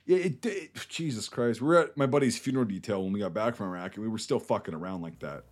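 A man's voice: on the low side, quick pace. A man in his thirties, a veteran co-hosting a podcast, talking in a blunt, profane, rambling way. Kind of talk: casual podcast banter.

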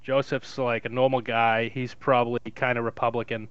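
A young man telling stories in a crude, lively way in casual podcast chat. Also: mid-range voice, normal speed, clean tone, no room sound. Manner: crude, swearing, lively storyteller. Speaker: podcast co-host. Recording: dull dry lo-fi sound.

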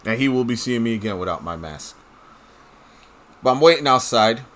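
A man's voice: mid-range voice, animated, normal speed, a bit bright. A man talking straight to his audience in a casual, blunt and profane rant, full of strong opinions. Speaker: commentator. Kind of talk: casual ranting monologue.

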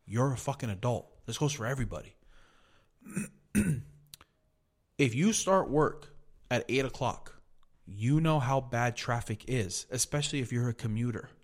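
A man's voice: mid-range voice, expressive, moderate pace, pauses often. A man hosting a podcast, telling a heated, profanity-filled story in a casual rant. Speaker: podcast host.

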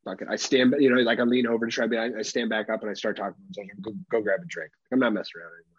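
A man's voice: fairly low pitch, rapid-fire, slightly rough, highs cut off. A young adult man co-hosting a comedy podcast, talking casually and with a lot of swearing, acting out exaggerated voices. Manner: profane, animated, acts out exaggerated voices. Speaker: podcast co-host.

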